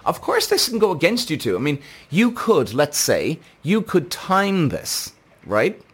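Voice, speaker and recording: Host type: worked-up, cursing man, fairly high voice that swings widely, soft music underneath. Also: slightly rough. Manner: heated, profane, exasperated ranting. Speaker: F1 reaction show host. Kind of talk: ranting commentary vlog.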